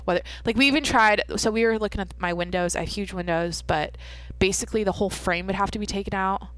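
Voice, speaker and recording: A young woman hosts a casual solo podcast monologue at home at night, speaking fast in a mid-range, fairly bright voice. She rambles through a long story full of curses and self-interruptions, and the recording is dry.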